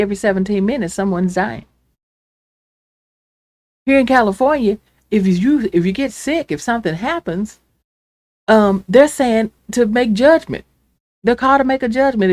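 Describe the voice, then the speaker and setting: A woman hosting her own show, delivering an angry, impassioned political rant that swings from loud outbursts to hushed pleading. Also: a little high, normal speed, no echo. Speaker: show host.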